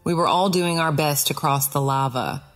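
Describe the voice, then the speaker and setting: A woman narrating a Christian allegorical audiobook in the first person, earnest and expressive. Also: deep voice, moderate pace, faint music behind.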